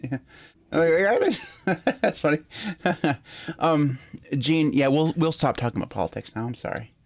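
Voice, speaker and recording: A man's voice: fairly high pitch, expressive, unhurried. A man from Michigan with a Michigan accent, co-hosting a podcast in a casual chat, swearing lightly and laughing often. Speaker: podcast co-host.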